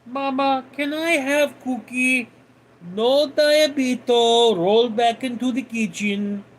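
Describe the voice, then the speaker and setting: A man voicing a bratty, spoiled cartoon boy with a high, nasal whine. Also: fairly even intonation, slow, low-quality recording. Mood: whiny demanding.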